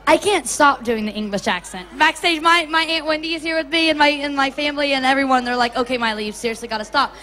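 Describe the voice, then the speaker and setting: Bright-voiced Southern woman chatting. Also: high voice, fast, few pauses. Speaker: interviewee. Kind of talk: casual interview chat. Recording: faint crowd and noise backstage.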